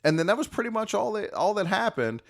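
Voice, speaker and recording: A man's voice: sits high, very animated, fast talker, vocal fry. Laid-back man chiming in agreeably. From Las Vegas. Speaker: podcast co-host. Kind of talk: casual chat.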